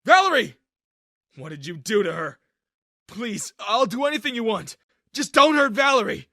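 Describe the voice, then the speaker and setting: A man voicing a naive teenage boy who narrates his own story in an animated video. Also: high-pitched, normal speed, no echo, heavily acted. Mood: desperate.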